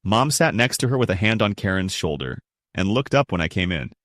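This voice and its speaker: A man's voice: low-pitched, sing-song, fairly quick, fairly bright tone, dry recording, clean studio sound. A young adult man narrating a first-person family story in a blunt, resentful tone.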